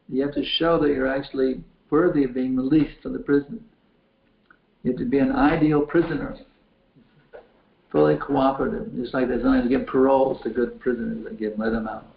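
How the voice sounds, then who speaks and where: A spiritual teacher, a man with a medium-pitched voice and vocal fry, answers questions from a chat window. His folksy, repetitive delivery often restarts phrases. The audio sounds tinny and phone-like, in an echoey room.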